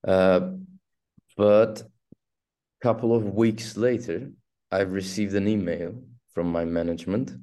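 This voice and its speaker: A man from Turkey with a Turkish accent, an actor telling stories in an interview, halting and restarting as he goes. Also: deep voice. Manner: halting, restarts often, animated storytelling. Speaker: actor guest. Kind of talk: casual interview storytelling.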